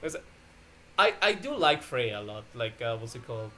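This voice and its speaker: A man's voice: mid-range voice, very animated, moderate pace, sharp tone, faint music behind. Giggly rambling male streamer. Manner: laughs often, rambling with many restarts and fillers. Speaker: streamer host. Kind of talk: casual chat on an art stream.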